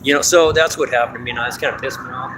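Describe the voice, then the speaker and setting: A man's voice: mid-range voice, steady tone, rapid-fire, background noise. A man hosting a casual late-night livestream from a parked car, rambling offhandedly with some cursing, recorded on a phone. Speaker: livestream host.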